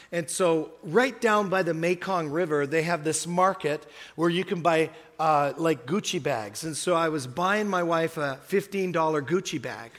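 In a large church hall, a pastor preaches a sermon to his congregation, telling a story before urging listeners on with rising emphasis. His voice is fairly high-pitched with a fairly bright tone.

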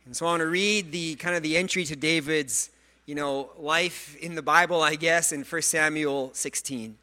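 Bright-voiced, high-pitched male preacher. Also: normal speed. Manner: earnest, animated preaching with repeated words and asides; self-deprecating humor. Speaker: pastor. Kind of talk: sermon.

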